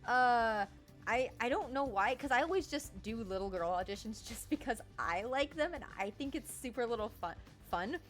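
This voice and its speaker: A young woman talks casually while streaming a video game, chatty and quick to laugh. She swears in passing and wanders from story to story. Quiet game music hums in the background. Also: a little high, animated. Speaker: streamer and voice actor. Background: faint game music.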